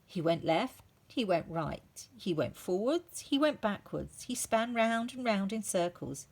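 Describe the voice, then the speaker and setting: A woman teacher reading a children's story aloud, expressive and sounding out the effects. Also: mid-range voice, unhurried.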